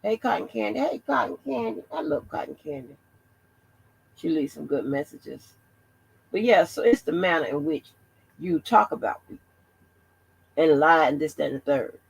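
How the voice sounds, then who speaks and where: A woman's voice: sits low, normal speed, vocal fry, pauses often, breathy edge, rough recording. A woman hosting her own channel, talking bluntly and profanely in a rambling commentary with many restarts. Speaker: channel host. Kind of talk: casual commentary vlog.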